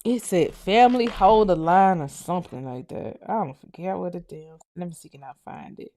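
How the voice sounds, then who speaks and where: Animated Southern woman ranting on a livestream. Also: fairly low pitch, moderate pace, hardly any pauses. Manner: loud, profane and laughing. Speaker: livestream host. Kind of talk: casual livestream rant.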